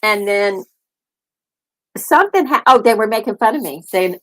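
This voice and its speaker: Animated and unhurried, an older woman with a medium-pitched, fairly bright voice hosts a relaxed conversation full of family anecdotes. She laughs a lot and performs what her family members said, all on a low-quality recording.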